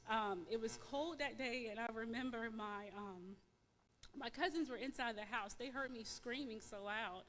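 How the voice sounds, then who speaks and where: A woman giving a personal testimony in church, halting and emotional, repeating words with many fillers. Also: fairly high pitch, fairly bright tone, in a large hall. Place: church sanctuary.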